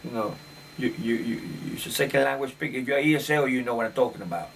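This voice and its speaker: A man's voice: mid-range voice, fast talker, vocal fry, a little hiss or hum. Opinionated man rambling off-mic. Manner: opinionated, rambling, with filler restarts. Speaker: commentator. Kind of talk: casual monologue on current events. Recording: distant mic, faint room ambience.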